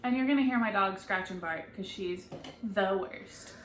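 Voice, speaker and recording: A woman's voice: medium pitch, normal speed, slight background noise. A woman co-hosting a podcast, chatting casually in a playful, joking way. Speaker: podcast co-host. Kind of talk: casual chat. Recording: roomy home recording.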